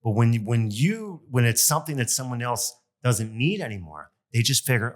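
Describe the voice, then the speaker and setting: A man's voice: mid-range voice, normal speed, few pauses. A man hosting a podcast, a loan officer talking casually and venting with exasperation, full of ums and uhs. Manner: exasperated, animated venting with lots of fillers. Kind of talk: casual solo podcast monologue.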